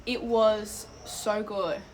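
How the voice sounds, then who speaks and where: Drawing out her words in a medium-pitched, fairly even voice, a young Australian woman chats casually to her live stream viewers. She's walking outside in an Italian town with her phone held out, drifting off topic and swearing freely, with slight background noise.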